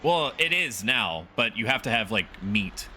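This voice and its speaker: A man's voice: fairly low pitch, sing-song, bright, forceful tone, a little hiss or hum. A man live-streaming a game, rambling and joking between scenes. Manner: rambling, joking, quick asides. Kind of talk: live gameplay commentary.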